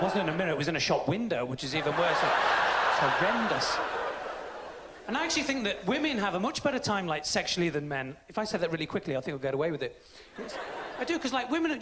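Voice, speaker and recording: High, lively British comedian on stage. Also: male voice, background noise. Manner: cheeky, crude, acts out voices. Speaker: stand-up comedian. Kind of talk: stand-up comedy set. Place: large theatre stage. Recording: roomy live theatre recording. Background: audience laughing.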